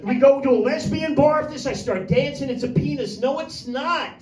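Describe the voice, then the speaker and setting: High-voiced crude stand-up man. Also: normal speed, crowd noise. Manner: crude, rambling, teases audience members by name. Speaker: stand-up comedian. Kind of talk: stand-up set rehearsal. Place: small room with a tiny audience. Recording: echoey room, voice from far off.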